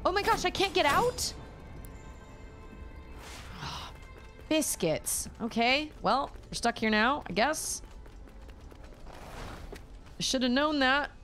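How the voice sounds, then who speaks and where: A young woman streaming a video game, chatting casually and thinking out loud as she plays. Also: high voice, lively intonation, a little slow, pauses often, soft background music. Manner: chatty, musing aloud, reading chat. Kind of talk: casual gameplay commentary.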